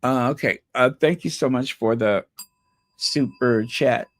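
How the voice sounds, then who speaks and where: Slow, rambling man hosting a live stream. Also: mid-range voice, no echo. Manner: rambling, playful, repeats words trying out pronunciations. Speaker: channel host.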